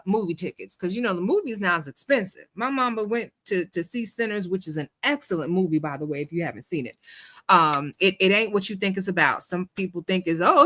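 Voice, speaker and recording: A woman's voice: mid-range voice, a bit bright. A woman from New York City hosting a casual livestream, chatting and reading viewer comments aloud with frequent laughter. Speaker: livestream host.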